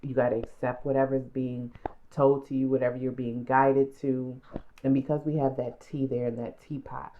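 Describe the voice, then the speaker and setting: A woman with a very low voice reads tarot cards aloud for her viewers, earnest and emotional, circling back to the same points again and again. The sound is dull and lo-fi, as if recorded at home. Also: flat delivery, moderate pace, a little hiss or hum. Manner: emotional, repetitive, addresses viewers directly. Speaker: tarot card reader. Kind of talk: pick-a-card tarot reading. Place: home room.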